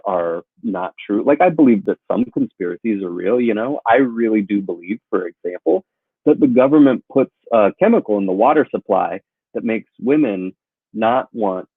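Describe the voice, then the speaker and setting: A man delivers a stand-up routine in a deadpan way, letting dry punchlines land flat. His pitch still swings widely and his voice is husky. The sound is thin and tinny, like a phone line. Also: normal speed, no room sound. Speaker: comedian guest. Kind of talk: stand-up routine over a call.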